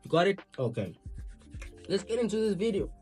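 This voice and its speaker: A man's voice: sits high, big pitch swings, brisk, darkish tone, soft background music. A young man casually reacting to a video, rambling in slang and talking to his chat. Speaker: reaction streamer.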